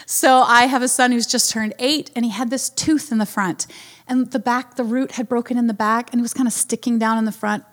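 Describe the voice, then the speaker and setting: A woman's voice: fairly high pitch, steady tone, fairly quick. A woman in her thirties telling a family story in a sermon, laughing often and acting out her son's lines. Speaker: speaker giving a devotional talk.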